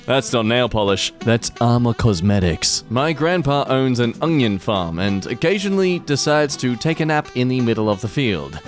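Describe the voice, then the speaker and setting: Young male comedic host, animated, playful asides, faint music bed. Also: mid-range voice, normal speed, few pauses. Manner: silly, animated, jokey asides. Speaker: host reading wholesome posts. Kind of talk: comedic commentary. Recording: soft music behind.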